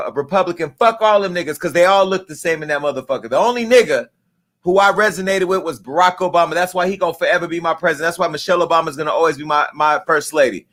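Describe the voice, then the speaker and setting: Man, middle-aged, host, angry live rant, profane, emphatic, slightly high pitch. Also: a bit bright. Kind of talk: impassioned live-stream rant.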